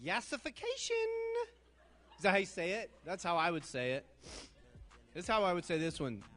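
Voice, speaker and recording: A man's voice: on the high side, animated, brisk, a bit bright, soft background music. An older man leading a youth group game, reading slang terms aloud, stumbling over them and laughing at himself. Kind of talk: playful group game in front of students.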